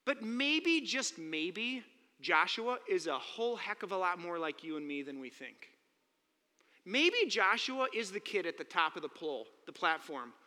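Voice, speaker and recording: High, bright-voiced preacher in a hall. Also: male voice, unhurried. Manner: animated storytelling, acting out quotes. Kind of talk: sermon. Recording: long hall reverb.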